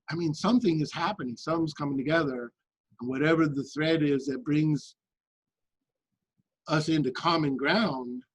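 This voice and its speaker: A man talking earnestly and with passion in a group discussion, with halting restarts. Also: fairly high pitch, breathy edge, no room sound, poor audio. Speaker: guest in a remote viewing discussion.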